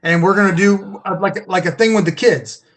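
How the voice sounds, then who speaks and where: High-voiced man telling a rambling story. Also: moderate pace, a bit bright. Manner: rambling, repeats and restarts words. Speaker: podcast guest, Bigfoot researcher. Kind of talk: casual storytelling.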